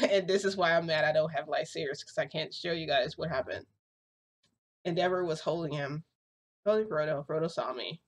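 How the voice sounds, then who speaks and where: A young woman with a low-pitched voice recounts a story in a casual vlog. She chats easily and slips into quoting the other people in the story as she goes. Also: normal speed, slightly rough. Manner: chatty, acts out quotes of others in dialogue. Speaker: vlogger telling a reality-shifting story.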